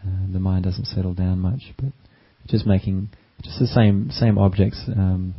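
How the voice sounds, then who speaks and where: A man giving a gentle, unhurried dharma talk as a meditation teacher, with frequent ums and uhs. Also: low voice, fairly even intonation, slightly rough. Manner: gentle, unhurried, with many fillers. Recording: dull lo-fi recording.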